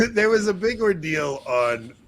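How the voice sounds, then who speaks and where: A man's voice: on the high side, sing-song, slow pace, fairly bright tone. A young man co-hosting a podcast in casual chat, rambling and self-mocking with frequent laughs. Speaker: podcast co-host.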